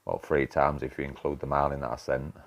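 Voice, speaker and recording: A man's voice: a bass voice, flat delivery, a little fast, creaky. A man with a broad Yorkshire accent chatting casually with viewers while streaming a game, swearing freely and bantering. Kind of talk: casual live-stream chat.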